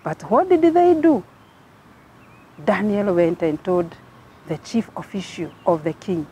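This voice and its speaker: A woman with a Kenyan English accent, teaching a Bible story to children at Sunday school in a slow, sing-song manner with rising and falling emphasis. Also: mid-range voice, very animated, mellow, muffled recording, slight background noise.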